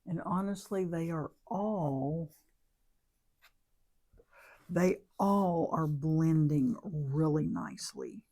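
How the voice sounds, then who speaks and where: A woman's voice: low voice, extremely slow, pauses often, dark tone. A woman chatting casually while she demonstrates a craft, rambling and thinking aloud as she corrects herself. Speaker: craft vlogger. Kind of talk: casual crafting demo chat.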